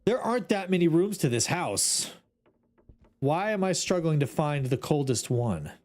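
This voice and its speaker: A man's voice: fairly high pitch, big pitch swings, a little slow, a little mellow. A man streaming a ghost-hunting game, talking to his chat in an exasperated, joking way. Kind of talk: casual gameplay commentary.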